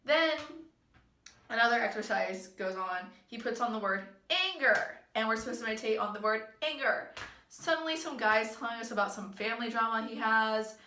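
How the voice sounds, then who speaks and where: A woman's voice: on the high side, brisk, sharp tone, a little hiss or hum. A woman vlogger telling a story in a chatty, amused way, full of fillers. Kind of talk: casual storytime vlog. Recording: echoey room.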